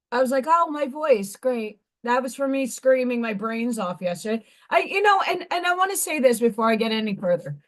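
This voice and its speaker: A woman in her forties hosting a livestream, her voice hoarse and partly gone, venting bluntly and profanely with exasperation. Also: on the high side, expressive, brisk. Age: 40s. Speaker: livestream host. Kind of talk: casual venting livestream chat.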